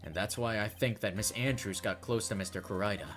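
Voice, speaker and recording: A man voicing a calm female lawyer mentor, reading game dialogue in a measured, explaining way. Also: lowish voice, over music, close to an everyday voice. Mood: reasoning.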